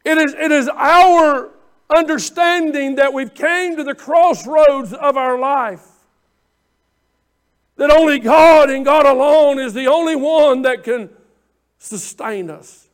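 A man with a very high voice preaching a fervent sermon. He moves from hushed, tender pleading to loud shouts, doubling back on words as the feeling builds. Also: takes it slowly. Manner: impassioned preaching, swings from quiet to shouting; repeats words and restarts phrases. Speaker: pastor.

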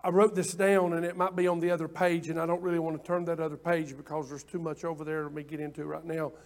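A man preaching a sermon, impassioned and repetitive at times, then dropping into quiet asides. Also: a little high, level tone, quick pace, creaky. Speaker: pastor.

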